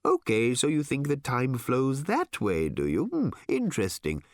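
A man voicing a strange, chatty, shape-shifting bird-like machine in an audiobook, its pitch jumping from very high to very deep. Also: dry recording, studio quality. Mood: matter-of-fact. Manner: shifts pitch wildly, calm and briskly matter-of-fact. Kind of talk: audiobook character voice.

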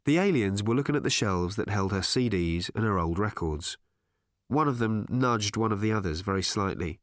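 Man narrating with a lively, expressive lilt. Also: on the low side, normal speed, dry recording, studio quality. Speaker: audiobook narrator. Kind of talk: audiobook narration.

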